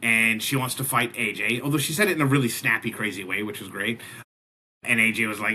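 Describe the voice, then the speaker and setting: A man's voice: fairly low pitch, brisk, pushed and bright, breathy edge. A man hosting a casual wrestling recap podcast, talking animatedly and often restarting his sentences. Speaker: wrestling show recap host.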